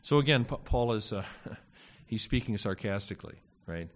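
A man with a fairly low voice lectures on Greek grammar to a class. He speaks haltingly, filling pauses with fillers and slipping in wry asides. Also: animated. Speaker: Greek teacher.

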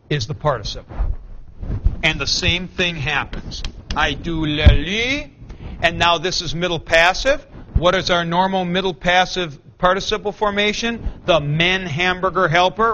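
Male teacher, high voice, slow deliberate lecture delivery, dull lo-fi classroom recording. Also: sharp tone, slight background noise. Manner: explains patiently, recites forms, corrects himself aloud. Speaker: Greek teacher.

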